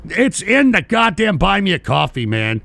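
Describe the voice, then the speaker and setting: Gravelly, animated profane male show host. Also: sits high, normal speed. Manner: profane, exasperated, swearing at trolls; rambling with restarts and shouted outbursts. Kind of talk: live-stream talk show reading chat messages.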